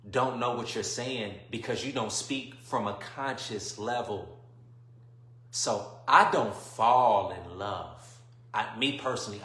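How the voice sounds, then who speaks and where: A man hosting a livestream and delivering an emphatic, preachy monologue, often checking whether listeners follow him and swinging between quiet musing and loud bursts. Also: fairly low pitch, echoey room. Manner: emphatic, keeps asking "you see what I'm saying". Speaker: livestream host.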